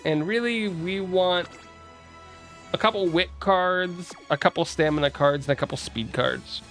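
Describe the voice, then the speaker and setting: A young male streamer from the East Coast of the US, chatting casually with his viewers and greeting them as their messages come in. His voice sits a little high for a man. Faint music plays behind him. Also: a little slow, fairly bright tone. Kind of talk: casual livestream chat.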